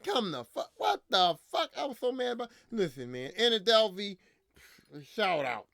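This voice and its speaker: A man's voice: high-pitched, big pitch swings, moderate pace, creaky, fairly bright tone, dry recording. A man hosting a podcast, ranting in casual, profane, slangy talk, repeating himself, a little drunk. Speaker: podcast host.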